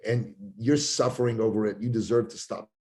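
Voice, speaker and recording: A podcast guest in his forties tells a lively personal story. His voice is mellow and dark-toned, and he leaps higher for the quoted lines he acts out. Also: brisk. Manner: acts out quoted voices with big pitch jumps. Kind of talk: animated storytelling. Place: Toronto area.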